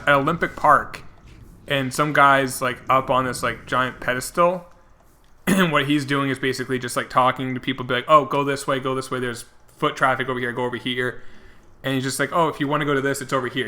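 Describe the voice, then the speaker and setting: A man's voice: medium pitch, sharp tone. A young man streaming a video game, telling stories and reading chat in a rambling, chatty way with lots of fillers. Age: young adult. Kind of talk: casual commentary while gaming.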